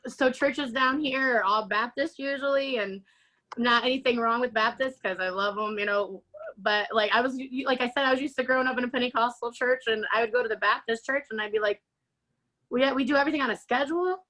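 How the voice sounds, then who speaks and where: A woman shares her personal testimony as an interview guest. Her voice sits a little high, and she tells it animatedly, slipping into the voices of the people she quotes and laughing often. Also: fairly even intonation, brisk, pushed and bright, poor audio.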